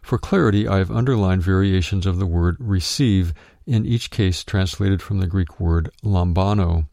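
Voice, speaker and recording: Deep gravelly man reading a Bible study. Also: dark tone, no echo, clean studio sound. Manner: measured reading, citing verse references aloud. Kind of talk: scripted narration of a written teaching.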